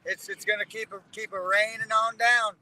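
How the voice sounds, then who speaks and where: A man's voice: sits high, flat delivery, normal speed, bright, forceful tone, low-quality recording. A man guest talking casually over a call connection, laid-back and drawling, swearing freely. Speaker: guest fighter. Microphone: remote call connection.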